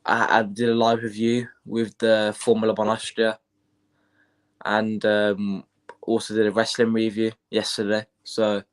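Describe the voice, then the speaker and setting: A man's voice: lowish voice, monotone, measured pace. A man co-hosting a casual football stream, stuffy with hay fever and a bug, repeating his points in a laid-back way. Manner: laid-back, repetitive, fan talk. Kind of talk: casual chat.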